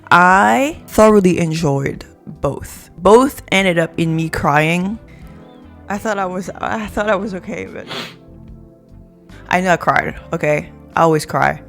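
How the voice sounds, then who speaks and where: Young woman, sick and hoarse, low-pitched, rambling casual vlog chat, faint music underneath. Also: unhurried. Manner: rambling, playful, self-mocking. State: sick with a sore throat, hoarse. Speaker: YouTuber.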